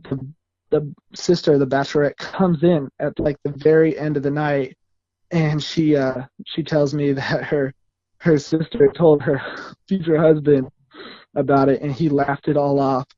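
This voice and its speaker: A man's voice: fairly high pitch, fairly even intonation, measured pace, dark tone, no echo, muffled recording. A man, a male dancer, telling a story in a casual, rambling way and correcting himself as he goes. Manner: rambling, self-correcting, laughs while telling.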